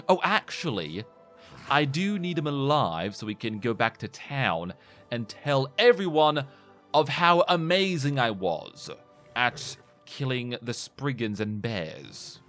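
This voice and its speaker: Male gaming host, musing, self-mocking, unhurried, game music under him. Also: mid-range voice, very animated, sharp tone. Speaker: gamer host. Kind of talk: gameplay commentary.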